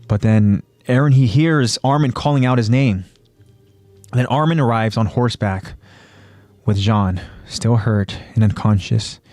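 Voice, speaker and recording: A man co-hosting a podcast, recapping an episode in plain storytelling with pauses and fillers. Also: mid-range voice, a little mellow, no room sound. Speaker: podcast co-host.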